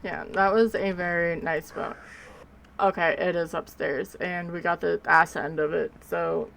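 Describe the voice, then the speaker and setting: A woman's voice: on the low side, fairly even intonation, a little slow, gravelly, a bit bright, slight background noise, low-quality recording. Sleepy, chatty woman streamer. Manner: chatty, rambling, sleepy and yawning. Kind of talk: casual live gameplay commentary.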